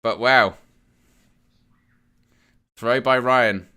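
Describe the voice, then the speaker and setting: A man's voice: mid-range voice, very slow, bright, forceful tone, clear, resonant tone. A man hosting a live fan stream, giving casual running commentary on a football match, with fillers and restarts. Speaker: fan channel host.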